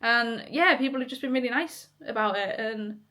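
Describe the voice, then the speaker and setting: A woman's voice: fairly high pitch, moderate pace, bright, forceful tone. A young woman chatting casually to camera in a vlog, swearing offhandedly and laughing often. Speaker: vlogger and musician.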